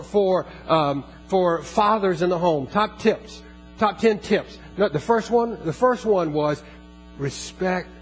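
A man preaching a sermon as pastor, earnest, repeating phrases and slowing down for emphasis. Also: high-pitched, low-quality recording.

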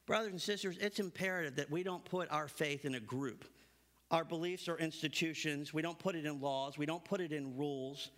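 A man preaching a sermon, reading scripture aloud and then stressing his points with building emphasis. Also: fairly quick. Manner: emphatic, builds to animated high-pitched stresses; reads scripture aloud between remarks.

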